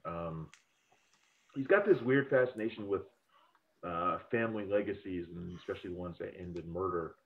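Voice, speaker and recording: A film critic who hosts a podcast rambles and swears while giving strong opinions on movies in a casual review chat. He has a deep voice at normal speed, heard over a tinny, phone-like line.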